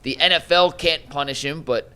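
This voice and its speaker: A man's voice: fairly high pitch, moderate pace, bright, forceful tone, clear, resonant tone. A man hosting a casual sports talk show, posing questions and steering the discussion.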